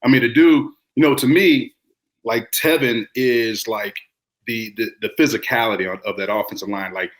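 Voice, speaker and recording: A man who coaches high school football, talking in a relaxed, reflective way with many fillers on a sports podcast. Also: normal speed. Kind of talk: casual sports talk.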